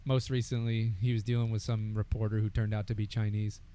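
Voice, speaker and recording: A young man co-hosting a podcast in casual chat, animated, swearing and laughing often. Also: on the low side, fairly quick. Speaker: podcast co-host.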